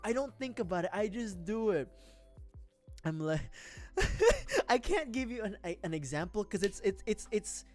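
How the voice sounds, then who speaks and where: A woman's voice: medium pitch, big pitch swings, measured pace, a little mellow, soft background music. A woman streamer chatting casually on a livestream, rambling, with frequent laughing fits and restarts. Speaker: VTuber streamer. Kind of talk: casual livestream chat while building a model kit.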